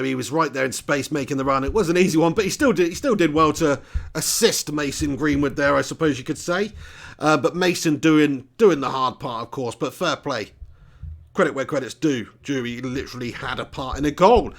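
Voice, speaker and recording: High-voiced English football fan. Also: male voice, vocal fry. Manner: excitable, swears, laughs at own jokes. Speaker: fan watch-along host. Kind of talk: live football watch-along commentary.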